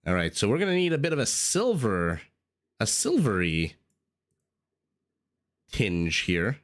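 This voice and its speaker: A man's voice: on the low side, sing-song, measured pace. A man casting a strategy game live on stream, playful and chatty, coughing along the way. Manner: playful, chatty, teasing himself. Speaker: esports caster. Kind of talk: live game commentary and casual stream chat.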